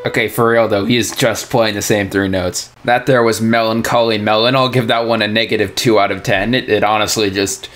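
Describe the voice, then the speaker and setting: A young man reacting to his old songs in casual, joking commentary, sarcastic and quick to laugh. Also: on the low side. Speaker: music reaction YouTuber. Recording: music playing loudly under the voice. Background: his own music playing.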